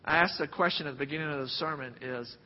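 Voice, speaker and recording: A man preaching a sermon and telling stories, swinging from loud bursts to hushed near-whispers. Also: quick pace. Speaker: pastor. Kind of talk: sermon with storytelling. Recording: dull sound with long hall reverb, faint rumble.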